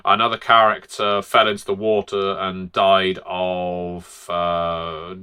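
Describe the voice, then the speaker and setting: A man's voice: deep voice, little pitch movement, slow pace, pushed and bright, clean tone. A man, a game master and host, explaining tabletop role-play tips in a chatty, demonstrative way.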